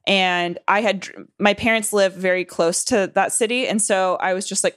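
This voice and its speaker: A woman's voice: fairly even intonation, normal speed, hardly any pauses, clear, resonant tone, no room sound, clean studio sound. A woman in her twenties from Southern California, telling a rambling, profane story with lots of fillers and restarts. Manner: acts out quoted voices in higher pitch. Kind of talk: casual storytelling chat.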